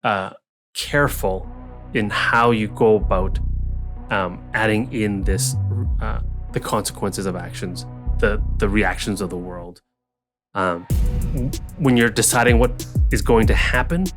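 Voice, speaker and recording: With music in the background, a man with a lowish voice chats unhurriedly as co-host and dungeon master of a casual tabletop gaming podcast. He rambles, restarts his sentences, and acts out the townsfolk's lines.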